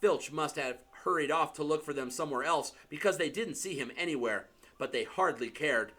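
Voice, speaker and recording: A man narrating an audiobook in an expressive, dramatic storytelling manner. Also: a little high, moderate pace. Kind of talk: audiobook reading.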